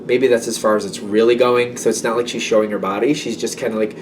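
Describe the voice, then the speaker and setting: A man's voice: medium pitch, steady tone, fast, distant mic, background noise. A man giving a casual tarot reading, rambling and self-doubting, with many fillers. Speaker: tarot reader.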